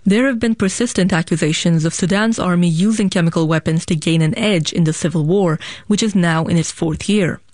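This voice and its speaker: A man delivering a scripted news report in a crisp, even manner. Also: high-pitched, brisk, hardly any pauses, no room sound, clean studio sound.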